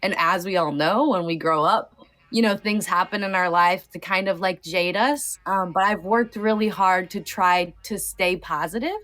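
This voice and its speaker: A woman's voice: fairly low pitch, moderate pace, fairly bright tone. A woman in her thirties, a podcast guest talking in a heartfelt, casual way, sometimes near tears, with many fillers. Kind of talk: emotional casual conversation.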